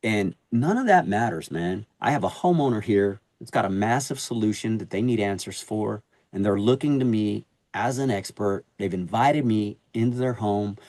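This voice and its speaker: A middle-aged man in sales, a podcast guest, telling stories in a lively, slangy way in a casual conversation. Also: fairly low pitch, moderate pace, hardly any pauses, no echo. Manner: animated storyteller using slangy street talk.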